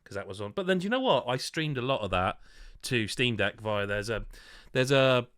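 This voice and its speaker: A man's voice: medium pitch, expressive, moderate pace, fairly bright tone, no echo, clean studio sound. A British man hosting a podcast in casual chat, with an articulate radio-host voice and a rambling, self-deprecating manner.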